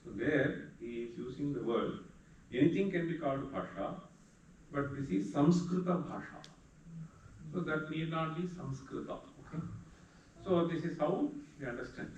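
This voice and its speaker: A man lectures a class at an unhurried, patient pace. He breaks into slow chanting now and then, and his voice reaches the mic from a distance. The room rings with heavy echo. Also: a little high, a little mellow, slight background noise. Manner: explains patiently, chants verses slowly. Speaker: teacher. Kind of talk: lecture on Sanskrit meter.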